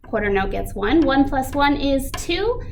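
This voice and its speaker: A woman teaching an elementary music lesson, reading a picture book aloud with animated expression. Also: high voice, a little slow, creaky, a little hiss or hum.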